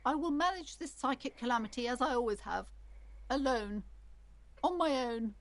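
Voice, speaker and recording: A woman's voice: high-pitched, lively intonation, moderate pace. A woman voicing a theatrical, superstitious, middle-aged female shopkeeper who speaks in a grandiose, melodramatic way. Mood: bitter. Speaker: game character.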